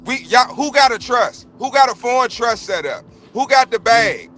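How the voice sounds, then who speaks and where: A man's voice: very high voice, lively intonation, normal speed, sharp tone, soft background music. A man on a livestream panel, giving a heated, profane, blunt rant and repeating himself for emphasis. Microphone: remote livestream call.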